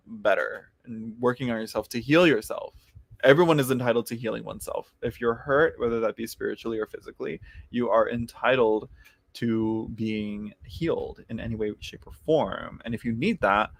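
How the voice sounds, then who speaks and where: A man's voice: medium pitch, gravelly, fairly bright tone. Rambling, easily laughing man reading tarot. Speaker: tarot reader hosting a live chat. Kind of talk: casual live-stream tarot reading.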